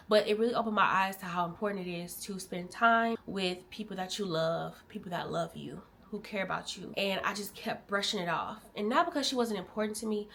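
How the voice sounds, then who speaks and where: A young woman from Illinois talks straight to her viewers, calling them y'all. Her telling is candid and emotional. She jumps from lively, louder bursts down to hushed, softer stretches. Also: mid-range voice, vocal fry, a little hiss or hum. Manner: animated, swings between loud bursts and quiet drops. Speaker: vlogger. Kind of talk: casual storytelling to viewers.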